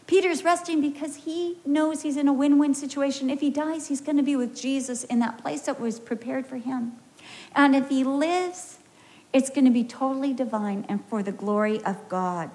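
An American woman preaching, her voice sitting a little on the high side. She tells stories emphatically, dropping in humorous asides as she goes. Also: darkish tone. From United States. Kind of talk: sermon.

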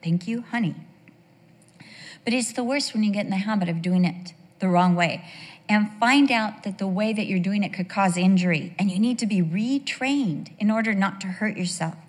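A woman's voice: mid-range voice, a little fast. A middle-aged woman giving a sermon full of personal stories, chatting and asking the audience questions. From United States. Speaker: women's devotional speaker. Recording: long reverb of a large hall.

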